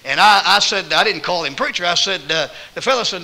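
Lively, bright-voiced Southern preacher. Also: male voice, sits high, brisk, poor audio. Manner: folksy anecdotes, quoting himself and others, bursts of loud emphasis. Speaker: evangelist preacher. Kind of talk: sermon with storytelling. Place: church auditorium.

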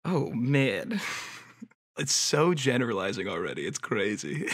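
A man's voice: mid-range voice, sing-song, unhurried, a bit bright, husky. A man streaming live, reading a book aloud and reacting casually with wry, mocking asides, frequent laughs and casual swearing. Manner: reads text aloud then comments with frequent "like" and "I mean".

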